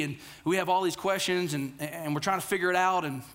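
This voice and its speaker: A pastor in his thirties gives an earnest, conversational sermon at a fairly quick pace. He often repeats words and drops his voice low and quiet for the key lines.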